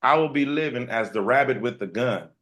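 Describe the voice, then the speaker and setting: A man's voice: mid-range voice, expressive, brisk, fairly bright tone. A man, a hip hop artist, talking as a guest in a casual interview, blunt, boastful and streetwise. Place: room with ceiling fan and air conditioner.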